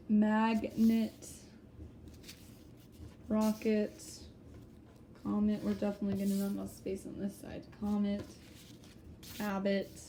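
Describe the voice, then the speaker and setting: Woman teacher doing a spelling lesson, mellow voice, slow careful sounding out, faint hum behind. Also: mid-range voice. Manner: patient, explaining slowly and sounding out words. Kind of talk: recorded spelling lesson for students.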